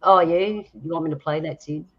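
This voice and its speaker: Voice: mid-range voice, normal speed, lo-fi sound, slight background noise. A host, telling a rambling, laughing story in a chatty way. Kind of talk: casual chat and storytelling.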